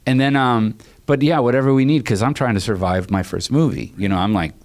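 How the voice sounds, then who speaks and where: A man's voice: mid-range voice, fairly quick. A man, a film composer, telling stories in casual conversation, acting out the dialogue he quotes, with frequent restarts. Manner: lively storyteller who acts out quoted dialogue. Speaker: film composer, podcast guest.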